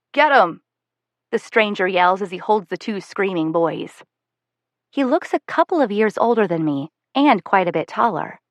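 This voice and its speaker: A woman's voice: medium pitch, no echo. Woman narrating a novel, wry and dry. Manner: wry, self-aware, conversational. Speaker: audiobook narrator. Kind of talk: first-person novel narration.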